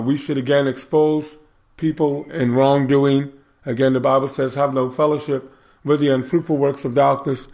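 A man hosting a Bible commentary, preaching moral lessons and reading scripture aloud, measured and repeating words for emphasis. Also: medium pitch, darkish tone. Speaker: host of a Bible commentary show.

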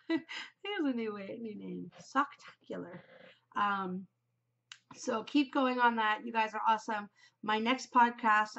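A woman's voice: medium pitch, vocal fry, fairly bright tone, highs cut off. A woman in her forties hosting a knitting podcast in an upbeat, chatty way, her nose a bit stuffed from a cold. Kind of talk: casual chat.

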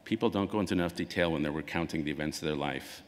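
A man's voice: very deep voice, rapid-fire. A man giving a conversational public talk as an author, acting out quoted dialogue as he goes. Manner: conversational, acts out quoted dialogue with lively swings. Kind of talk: public lecture. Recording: long hall reverb.

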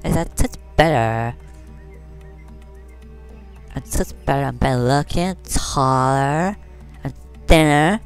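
A woman's voice: rumbling low, slow pace, pauses often, clean tone, faint music behind, heavily acted. A woman voicing a vain, catty fashion doll who talks in valley-girl slang and brags while commenting on a game. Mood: boastful. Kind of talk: comedic game commentary in character.

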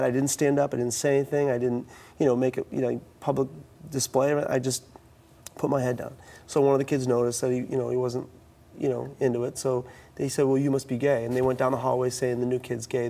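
Gravelly middle-aged man telling stories. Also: mid-range voice. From East Coast of the US. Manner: animated, acts out quoted dialogue, frequent restarts. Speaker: youth speaker. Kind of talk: storytelling in a talk-show interview.

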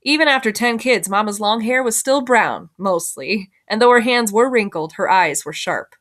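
A woman's voice: medium pitch, normal speed, fairly bright tone. Woman teacher reading a novel aloud. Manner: plain storytelling, self-corrections.

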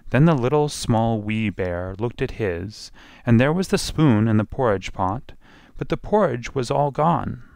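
A man's voice: medium pitch, lively intonation, measured pace, vocal fry, darkish tone, dry recording, studio quality. A man narrating a children's storybook expressively, drawing out repeated phrases.

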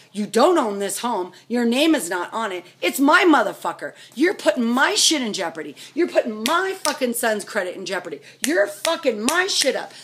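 A middle-aged woman with a fairly high, husky voice vents in a furious, profane rant. She hammers out one angry question after another. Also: a bit bright. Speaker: vlogger.

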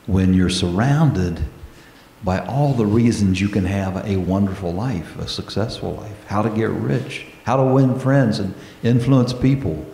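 Slow-preaching man in an echoey church. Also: lowish voice, mellow, a little hiss or hum. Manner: earnest, slow preaching with prayerful pauses. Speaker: pastor. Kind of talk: sermon. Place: church sanctuary.

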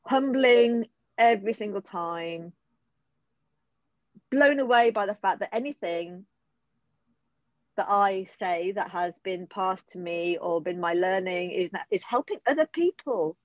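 A woman's voice: mid-range voice, a little slow, long pauses, no echo, dull audio. A middle-aged British woman telling her personal recovery story in an interview, heartfelt and emotional, often stopping to restart her sentences. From United Kingdom. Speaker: guest.

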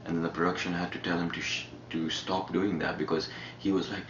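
A man's voice: low voice, steady tone, brisk, hardly any pauses. A man with an Indian English accent, chatting casually in a laid-back, profane, rambling way as a reality show contestant in a shared house. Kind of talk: casual chat. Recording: muffled roomy house-cam audio with background noise.

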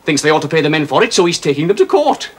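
A blunt, fond Welsh miner. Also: male voice, fairly high pitch, very animated, rapid-fire. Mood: chatty. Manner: rough, chatty, affectionate. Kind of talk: 1970s television drama.

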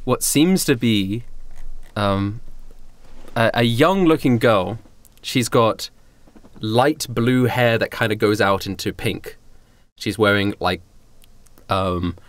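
A man narrating as game master of a tabletop game, halting, with many fillers and restarts. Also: lowish voice, clean tone, no room sound.

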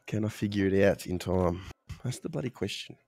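A man's voice: low voice, animated, brisk, a little mellow, dry recording. A man producing a track, muttering his thoughts aloud as he works. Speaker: guest music producer. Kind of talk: thinking aloud while working. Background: music.

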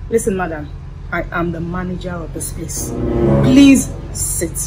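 A woman playing a quick-tempered furniture shop manager who scolds her worker and soothes customers. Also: fairly high pitch, sing-song, faint music behind. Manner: bossy, scolding, then polite and soothing to customers. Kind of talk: comedy skit acting.

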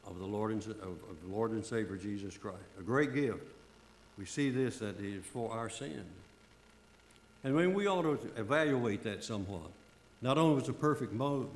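An older man with a drawl preaches a fervent sermon at a middle pitch. He circles back on key phrases again and again for emphasis, his voice ringing through a roomy, echoey church sanctuary. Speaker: pastor.

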